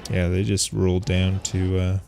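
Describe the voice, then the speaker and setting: A man playing along in a game stream, chatting in a relaxed, meandering way. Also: sits low, normal speed, gravelly. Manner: relaxed, meandering, trails off mid-sentence. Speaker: fellow player. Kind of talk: casual gameplay chat. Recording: noisy background hiss.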